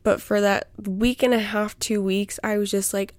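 A woman's voice: mid-range voice, steady tone, moderate pace, few pauses, darkish tone, no room sound. A young woman hosting her own podcast, chatting casually and rambling through a personal update with lots of fillers and restarts. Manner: rambling, self-interrupting, filler-heavy. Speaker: podcast host.

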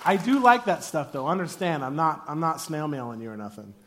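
A man in his thirties preaching a sermon with a high, bright pitch that leaps up and down. He keeps it casual and jokey, and acts out quoted arguments in a raised voice. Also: lively intonation, a little fast, crowd noise. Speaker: pastor.

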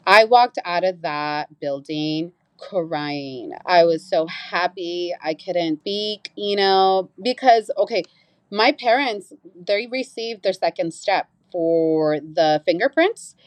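A woman's voice: slow pace, no echo. A young woman telling a personal story in a casual, earnest way as an interview guest. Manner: animated, acts out quoted voices with big pitch jumps; earnest, reflective.

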